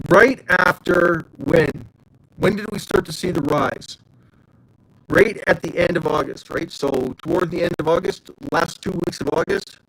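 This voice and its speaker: A man's voice: high voice, vocal fry, fairly bright tone, no echo, rough recording. A man hosting a casual livestream, chatting loosely and greeting viewers by name. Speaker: livestream host.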